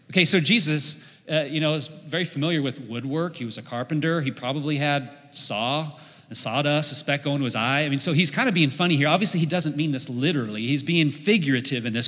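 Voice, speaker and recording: A man in his forties preaching a sermon as pastor, lively and joking, leading the congregation in repeated lines. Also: on the high side, a little fast. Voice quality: bright, lively preaching voice with humor. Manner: leads the congregation in repeating lines, jokes and laughs. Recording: echoey hall with long reverb.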